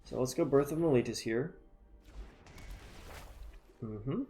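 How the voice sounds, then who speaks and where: A man talks through his card game in a relaxed, mellow voice, thinking aloud and poking fun at himself. He sounds tired and yawns now and then. Soft music plays faintly behind him at his desk mic. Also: mid-range voice, takes it slowly. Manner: chatty, self-mocking, thinks aloud. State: tired and yawning. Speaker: gameplay commentator. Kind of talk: casual gameplay commentary.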